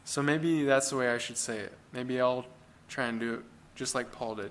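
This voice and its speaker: A male pastor gives a sermon in an everyday, conversational tone. His voice sits at a middle pitch. He speaks earnestly and often asks the congregation questions, with a faint hiss of noise behind him. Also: moderate pace, a bit bright. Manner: earnest, plain-spoken preaching.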